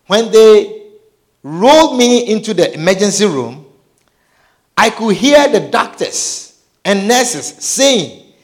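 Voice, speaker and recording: A man telling a dramatic personal testimony, his delivery swinging between hushed and shouted. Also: high-pitched, sing-song, slow, long pauses.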